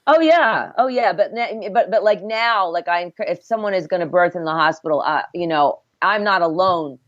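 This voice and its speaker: Appearing as a guest in a podcast interview, this middle-aged woman, a midwife who used to be an obstetric nurse, speaks in a lowish voice at normal speed. She is animated yet earnest and reflective, frequently breaking off to restart sentences, and the recording is dry, slightly dull and lo-fi.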